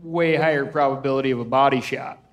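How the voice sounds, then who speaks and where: A man's voice: medium pitch, fairly even intonation, fast, highs cut off. A man co-hosting a podcast, making laid-back, dry remarks. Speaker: podcast co-host.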